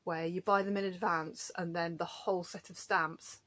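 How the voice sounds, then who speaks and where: A woman's voice: on the low side, level tone, moderate pace, fairly bright tone. A woman chatting casually to camera in a home craft vlog, rambling from topic to topic and laughing often. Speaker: craft vlogger.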